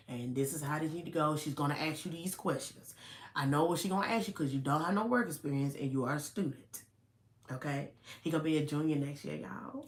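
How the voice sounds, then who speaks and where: A middle-aged woman telling a story to her viewers in an animated, chatty way, calling them "y'all" and "honey". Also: deep voice, reverberant. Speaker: vlogger. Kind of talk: casual storytelling to camera.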